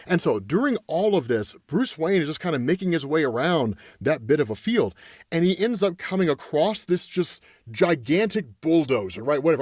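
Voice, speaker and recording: A man's voice: a little high, a little mellow, no room sound, clean studio sound. A man casually retelling a comic book story, peppering his talk with "right?" and "man" and quoting characters in his own voice. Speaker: comic book recap streamer.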